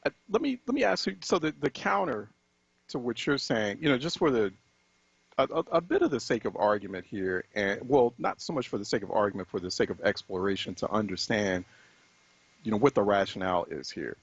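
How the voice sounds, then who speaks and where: A man hosting a radio talk show, asking long, measured questions with hedges and restarts. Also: fairly low pitch, lively intonation, husky, no echo, lo-fi sound. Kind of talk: radio interview.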